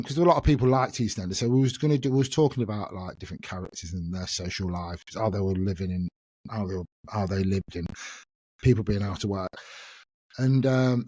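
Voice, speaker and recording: A man's voice: fairly low pitch, darkish tone, dry recording. Chatty middle-aged man. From England. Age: 50s. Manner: chatty, self-mocking, laughs often. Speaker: podcast host. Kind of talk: casual solo chat.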